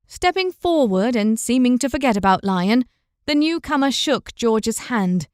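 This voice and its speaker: A woman narrating a fantasy audiobook in an even, measured storytelling voice, close to the mic. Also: a little high, no echo.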